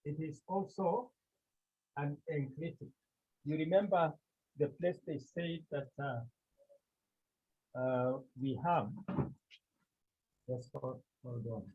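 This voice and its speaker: Teacher from Cameroon, male, slightly high voice, takes his time and quizzes the room; muffled phone-line sound. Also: slightly rough. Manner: slow and deliberate, repeats terms and quizzes the class. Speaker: Greek teacher. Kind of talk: classroom lecture. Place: classroom. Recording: muffled phone-like classroom recording.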